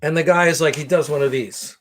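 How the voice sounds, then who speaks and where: A man spinning a comic rant in a slightly high voice. He sounds exasperated and swears freely, with lively, animated delivery. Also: brisk. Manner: animated, profane, exasperated ranting with voiced impressions. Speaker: podcast co-host. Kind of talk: comedic storytelling rant.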